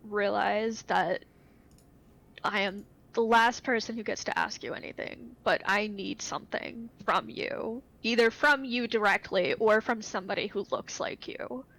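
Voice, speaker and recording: A woman's voice: mid-range voice, vocal fry, a bit bright, rough recording. A woman playing a tabletop game, speaking in character earnestly and searching for words. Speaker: player. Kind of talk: tabletop role-play.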